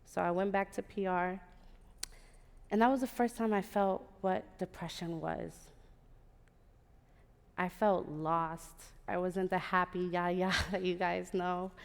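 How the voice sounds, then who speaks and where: A woman in her thirties telling a personal story live on stage, animated and acting out the voices of the people in it. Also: fairly low pitch, slow pace, gravelly, long pauses, clean tone. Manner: lively, animated, acts out quoted voices. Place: large theater stage. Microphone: stage microphone. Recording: long theater reverb. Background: live audience.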